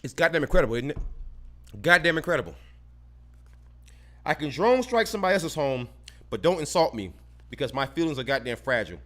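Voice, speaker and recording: Man, podcast host, solo rant, profane, heated, stumbling repeats, fairly high voice. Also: very animated, brisk, long pauses, a bit bright.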